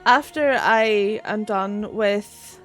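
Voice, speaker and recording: A woman's voice: mid-range voice, drawn-out words, fairly bright tone, soft background music. A woman with a Northern Irish accent chatting casually while streaming a game, swearing freely and laughing often. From Northern Ireland. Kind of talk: casual live-stream chat while gaming.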